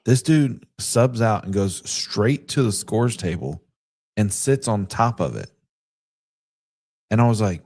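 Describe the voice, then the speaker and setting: A man co-hosts a casual sports podcast in a slightly low voice. He talks easily and tells stories, dropping in little quoted asides as he goes. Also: slow pace, dark tone. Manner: chatty storyteller who retells events with quoted asides. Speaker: podcast co-host. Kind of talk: casual sports talk chat.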